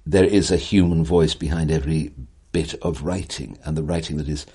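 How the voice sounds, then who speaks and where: Very deep husky older man. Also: steady tone, normal speed, warm tone. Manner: eloquent, wry, theatrical, breaks into voices. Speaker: writer, interview guest. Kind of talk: animated conversational storytelling.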